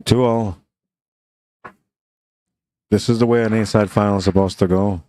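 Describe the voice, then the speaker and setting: Low, mellow-voiced male pool commentator. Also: steady tone, normal speed, long pauses. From Canada. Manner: laid-back, chatty, says "man" often. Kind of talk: casual live commentary.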